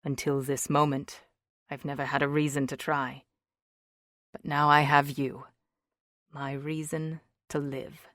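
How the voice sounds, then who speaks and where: A woman reading an audiobook, voicing a gentle, playful young husband in a lowered voice. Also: little pitch movement, a little slow, pauses often, no room sound, studio quality. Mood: tender. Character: tender joking young husband, man. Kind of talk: audiobook character voice.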